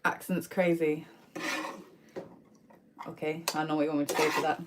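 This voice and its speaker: A chatty young woman livestreams from her home kitchen, talking casually while she cooks. Her voice is low-pitched, level in tone and moderately paced, and the audio is very noisy. She uses slang and answers viewer comments out loud.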